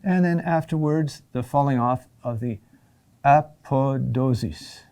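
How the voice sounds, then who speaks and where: A middle-aged man teaching a class on chant, speaking deliberately with many pauses and fillers. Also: fairly high pitch, darkish tone, clean tone. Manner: slow and deliberate, with frequent "uh" pauses. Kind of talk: classroom lecture.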